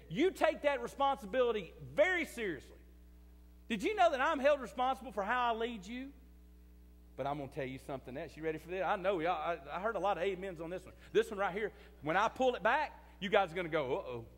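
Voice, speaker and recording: A man preaching a sermon as pastor, swinging between loud emphatic bursts and quiet confiding asides, repeating phrases for emphasis. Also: high voice. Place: church sanctuary. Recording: church hall reverb.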